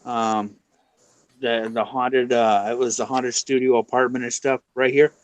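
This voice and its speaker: A man's voice: medium pitch, level tone, a little slow, dry recording, low-quality recording. A man chatting as a guest on a live stream, telling a long rambling story and acting out the quotes. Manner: rambling anecdote full of "you know", acting out quotes. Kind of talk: casual storytelling chat.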